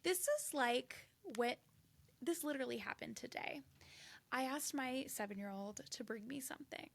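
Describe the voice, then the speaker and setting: A woman's voice: sits high, normal speed, gravelly. A woman in her thirties co-hosting a podcast, chatting casually and acting out quoted voices with animation. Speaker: podcast co-host. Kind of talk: casual chat.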